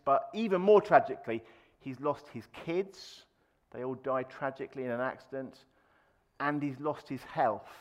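A man's voice: on the high side, dull audio. Conversational man preaching a sermon. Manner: conversational, with many fillers and restarts; acts out quoted speech with raised voice.

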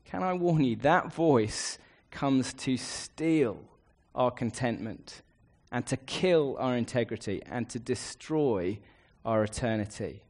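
A man's voice: mid-range voice, lively intonation, slow, a little mellow. Male preacher, earnest sermon delivery, stacks emphatic lists, mid-range voice.

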